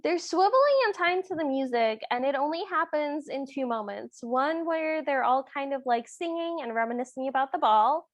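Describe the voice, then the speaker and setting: Higher-voiced woman, dry and close. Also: lively intonation, normal speed, few pauses, no room sound. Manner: thoughtful, tentative, hedges with "kind of" and "sort of". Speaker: podcast co-host. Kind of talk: casual chat recapping a film.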